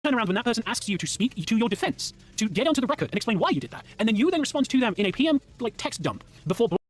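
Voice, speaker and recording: Fast-ranting English man. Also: very high voice, big pitch swings. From England. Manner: heated, indignant ranting with swearing. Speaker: commentary guest. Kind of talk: ranting commentary.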